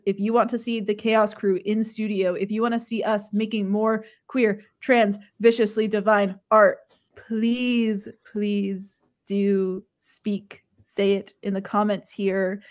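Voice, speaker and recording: A woman's voice: mid-range voice, level tone, unhurried. A woman who produces and performs in a tabletop show, speaking earnestly and pleading with viewers to support it in a casual panel interview. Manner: earnest, pleading, warm thanks.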